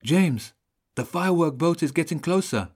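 A man's voice: on the high side, animated, normal speed, a little mellow, breathy edge, pitched above the performer's own voice. A man voicing a worried child reporting over a radio in a storybook reading. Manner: worried, breathless, rising.

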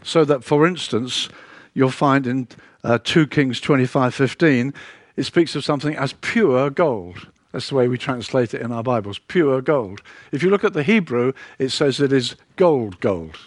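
A man's voice: mid-range voice, animated, moderate pace, dry recording. A man preaching a sermon to a congregation, earnest, rising and dropping his voice and repeating words for emphasis. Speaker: pastor.

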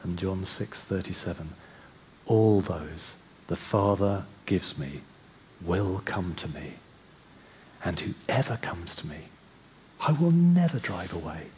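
A man preaching a sermon, chatty and full of restarts, then slowing to soft, reflective passages. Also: sits low, animated, a little hiss or hum.

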